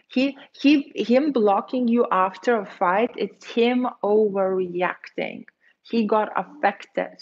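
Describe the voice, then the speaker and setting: A woman dating coach talking casually on a livestream, chatty and quick, acting out the voices she quotes. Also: mid-range voice, muffled recording. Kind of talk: casual livestream advice, reading viewer comments.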